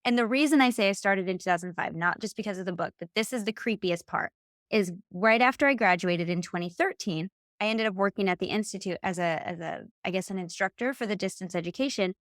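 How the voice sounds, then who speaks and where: A woman in her late thirties, a hypnotherapist guest on a podcast, telling her story in a casual, animated way and acting out quoted dialogue. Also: medium pitch, fast talker, dry recording, clean studio sound. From Michigan.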